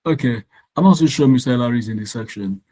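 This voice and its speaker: Teaching a live class online, a man walks students through exam questions slowly and clearly, occasionally stopping to check that they can hear him over his computer microphone. His voice is warm and mid-pitched, and the recording is rough.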